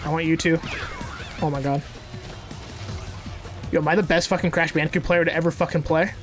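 A gamer talks through a platform game in loose, casual commentary, cursing freely and hyping up their own skill. Quiet game music sits under the voice. Sudden excited yelps break up the running chatter. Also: mid-range voice, fairly quick. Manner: profane, excitable, boastful trash talk with sudden outbursts. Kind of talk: casual let's-play commentary. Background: faint game music.

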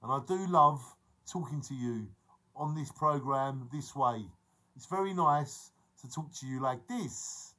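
A man's voice: mid-range voice, measured pace, sharp tone, low-quality recording. A man, chatting casually and jokily on his live stream and greeting viewers by name. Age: 40s. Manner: chatty, jokey, reads out viewer names.

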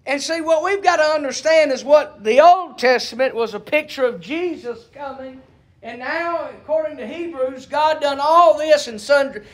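A man preaching a sermon, stretching out scripture readings and rising to fervent shouts. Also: very high voice.

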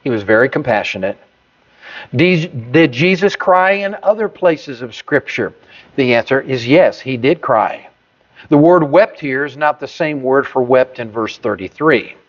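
A pastor preaching a sermon, stressing single words with sudden rises in pitch and volume. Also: male voice, lively intonation, measured pace. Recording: dull lo-fi sermon recording.

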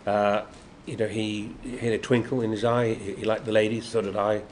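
Briskly and in a lowish voice, an older guest actor from Yorkshire, England, recounts anecdotes during an interview. His Yorkshire English accent accompanies lively storytelling, with quotes acted out and plenty of laughter, all in a noisy convention room.

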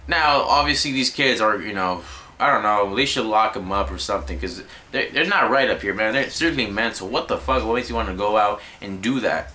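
A man's voice: on the low side, fairly quick, bright, forceful tone. A young man giving a rambling, exasperated vlog rant, swearing constantly. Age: young adult. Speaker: vlogger. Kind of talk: profane ranting commentary.

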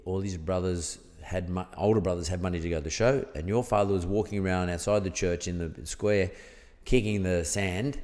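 A man's voice: low-pitched, steady tone, brisk, hardly any pauses, a little mellow, long reverb tail. A middle-aged Australian man telling a rambling anecdote as a podcast guest, acting out the dialogue he quotes. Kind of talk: casual storytelling.

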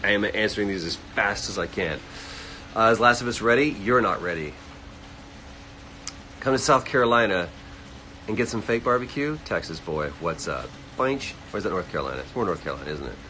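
Low-voiced man chatting on a livestream. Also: animated, bright, forceful tone, a little hiss or hum, rough recording. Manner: reads fan comments aloud and answers quickly. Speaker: livestream host answering chat. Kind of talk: casual livestream chat. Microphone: phone livestream.

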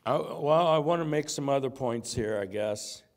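A man's voice: medium pitch, normal speed. A man preaching a sermon in church, earnest and repeating his key phrases.

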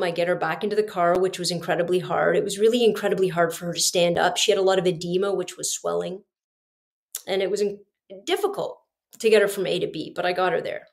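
A woman's voice: on the low side, vocal fry. A middle-aged woman, hosting a podcast and telling a personal story in an earnest, confiding way, speaking straight to her listeners. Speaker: podcast host.

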